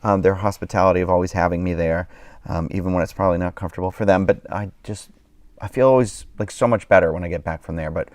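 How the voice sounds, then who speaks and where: A man's voice: deep voice, fairly even intonation, fast talker, a little mellow, no room sound. A man hosting a live stream, chatting casually and rambling with lots of fillers, tired and yawning. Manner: rambling, many fillers and restarts. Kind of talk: casual chat.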